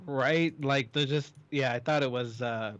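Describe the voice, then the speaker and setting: A man co-hosting a radio show, chatting casually and joking in a relaxed way. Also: medium pitch, a little slow, smooth. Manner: joking, relaxed, laughs easily. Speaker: co-host. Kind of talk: casual talk radio chat. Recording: slightly dull lo-fi audio.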